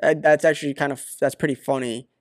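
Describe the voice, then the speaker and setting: A man in casual chat, reacting with laid-back jokes and quick interjections. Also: fairly high pitch, fairly even intonation, no room sound, studio quality.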